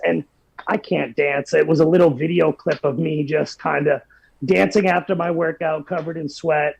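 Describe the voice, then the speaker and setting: Gravelly earnest man in his forties. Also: on the high side, moderate pace, darkish tone, no echo, lo-fi sound. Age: 40s. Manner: earnest, heartfelt, many restarts. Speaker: podcast guest. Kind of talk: personal storytelling.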